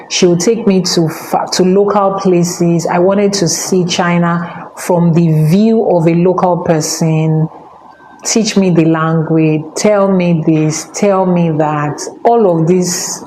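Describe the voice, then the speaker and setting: Nigerian woman host, storyteller, animated, quotes people in other voices, echoey room, faint background hiss. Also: lowish voice. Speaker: spiritual teacher and channel host. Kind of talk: personal storytelling talk.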